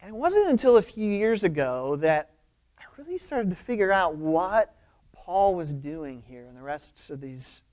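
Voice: mid-range voice, sing-song, unhurried, a little mellow. A pastor preaching a conversational sermon, informal and emphatic, often checking in with the listeners.

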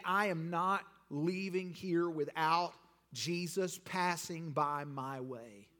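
Male pastor, high voice, preaching sermon with rising emphatic bursts. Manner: preaching with rising, shouted emphasis and rhetorical questions.

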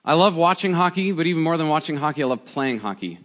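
A man in his forties, a pastor giving a conversational, animated sermon with prayer and storytelling. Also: a little high, fast. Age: 40s.

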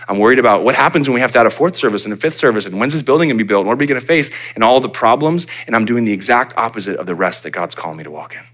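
A man preaching a sermon as pastor, conversational and animated, acting out little asides for his congregation. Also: medium pitch, rapid-fire, few pauses. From United States.

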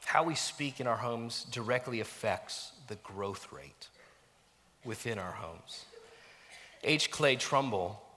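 Middle-aged guy preaching a sermon, bright voice, lively and joking at himself, big echoey hall. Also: mid-range voice, slow. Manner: animated, self-mocking, acts out quoted voices and drops to near-whispers. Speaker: pastor. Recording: long reverb of a church hall.

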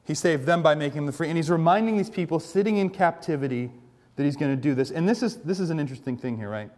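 A pastor delivers a sermon in a slightly higher-pitched male voice. He talks casually and tells the stories with animation, like he is chatting with the congregation. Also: quick pace. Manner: conversational, animated storytelling.

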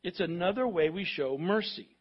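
Brief: male pastor, husky higher voice, emphatic repetitive sermon, slightly dull lo-fi church recording. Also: expressive, normal speed. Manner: emphatic, repetitive preaching with audience prompts.

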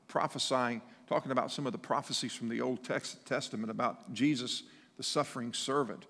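A man preaching a sermon, animated, acting out the people in the story as he goes. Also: medium pitch, in a large hall. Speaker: pastor.

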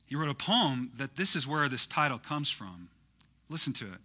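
A male pastor preaching a sermon in a casual, conversational way, full of fillers, that swells into loud, impassioned peaks. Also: medium pitch, big pitch swings, moderate pace.

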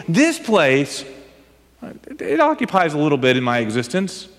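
Man, high voice, pastor, lively sermon with humor, long reverb. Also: moderate pace. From United States. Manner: animated, emphatic preaching with humor.

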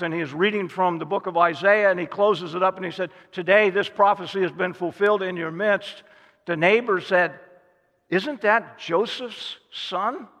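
A man's voice: high-pitched, a bit bright, long reverb tail. A man preaching a sermon as a pastor, telling stories and acting out the voices of the people he quotes. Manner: storytelling, acts out quoted voices.

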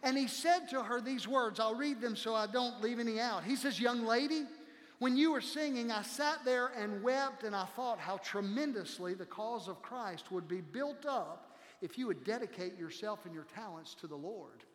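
A male pastor preaching a sermon to his congregation, impassioned, dropping to hushed tones for quoted lines. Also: high-pitched, normal speed. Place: church sanctuary. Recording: long hall reverb.

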